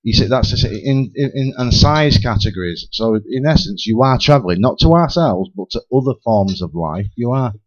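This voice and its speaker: A man's voice: mid-range voice, moderate pace, hardly any pauses. A man speculating at length on a community radio talk show, talking in restless bursts with many restarts. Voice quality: lively, theorizing, many restarts. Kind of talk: rambling speculative radio chat. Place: radio studio. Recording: lo-fi radio broadcast.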